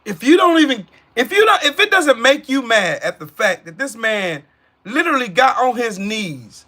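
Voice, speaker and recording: A man's voice: very high voice, pushed and bright. A man angrily ranting on a live political stream. He talks profanely and mockingly, and often repeats himself and restarts his sentences.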